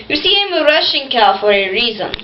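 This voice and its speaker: A woman's voice: high-pitched, fairly quick. A woman voicing a blunt, insulting male cow puppet in a homemade comedy skit. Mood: rude. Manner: blunt, insulting, deadpan boasting. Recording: roomy, dull, noisy home recording.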